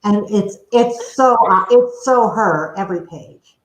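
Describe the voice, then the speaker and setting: A woman's voice: mid-range voice, animated, unhurried. A woman guest author on a casual video chat, speaking emphatically. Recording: roomy echo.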